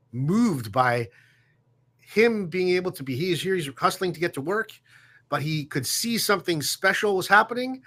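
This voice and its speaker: A man, a guest on a show, telling a story in a reflective way, with fillers and pauses. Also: a little high. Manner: warm, reflective, halting with fillers. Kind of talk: casual storytelling.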